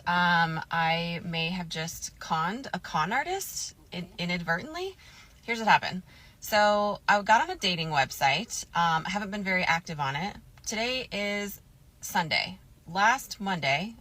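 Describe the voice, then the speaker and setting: A woman telling a personal story to camera in a casual, animated, candid way. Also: lowish voice, moderate pace. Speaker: storytime vlogger.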